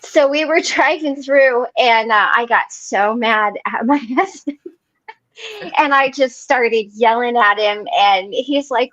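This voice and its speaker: Woman host on a video call; animated storyteller, higher voice, muffled dry audio. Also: unhurried, no room sound. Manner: animated storyteller, laughs often. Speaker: meeting host. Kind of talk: casual online support group chat.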